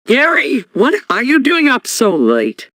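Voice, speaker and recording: A synthetic voice doing an exasperated cartoon pet owner, scolding in a very lively, swooping voice. The voice is bright and slow, recorded dry and close. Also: mid-range voice, no echo.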